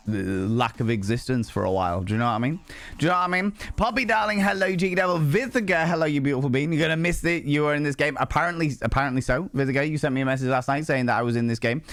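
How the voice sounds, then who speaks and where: A man streaming a game live, ill with a cold, chatting to viewers in a playful, sing-song, flamboyant way. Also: mid-range voice. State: sick with a cold.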